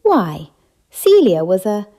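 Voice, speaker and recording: A woman's voice: mid-range voice, huge pitch swings, slow pace, dark tone. A woman voicing a blunt, tough elderly woman raised on a sheep farm, speaking in a brusque, scolding manner in an audiobook. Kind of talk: audiobook character voice.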